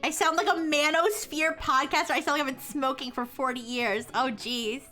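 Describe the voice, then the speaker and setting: Giggly high-voiced young woman streamer. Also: fairly even intonation, moderate pace, sharp tone, soft background music. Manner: giggly, rambling, self-mocking. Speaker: VTuber streamer. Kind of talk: casual live-stream chat.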